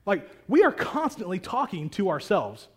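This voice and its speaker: A man preaching a sermon to a congregation in a conversational, animated way. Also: high-pitched, moderate pace, husky. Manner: conversational and animated, acting out prayers. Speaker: pastor. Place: church hall with a congregation.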